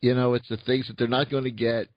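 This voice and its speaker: A man's voice: mid-range voice, little pitch movement, quick pace, muffled recording, slight background noise. A man from Philadelphia hosting a radio talk show, interviewing a guest with enthusiasm and stumbling restarts. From Philadelphia, USA.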